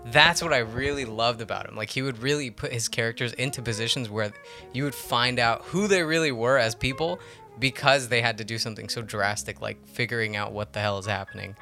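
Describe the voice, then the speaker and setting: A man hosts a loose, casual conversation about films, wandering off on tangents and laughing easily. His voice is bright. Soft guitar music plays faintly behind him. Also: mid-range voice, gravelly. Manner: rambling, laughs often, quick tangents. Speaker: podcast host. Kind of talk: casual movie-discussion chat.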